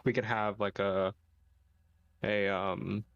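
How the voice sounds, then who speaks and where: Low-voiced man planning on a muffled mic. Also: level tone, a bit bright. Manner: quick, practical planner. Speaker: player. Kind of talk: casual play over voice chat.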